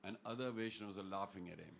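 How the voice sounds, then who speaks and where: A man's voice: fairly low pitch, fast talker, creaky, fairly bright tone, a little hiss or hum. A man giving an earnest, informal devotional talk in a temple class, telling stories and quoting Sanskrit verses. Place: temple hall.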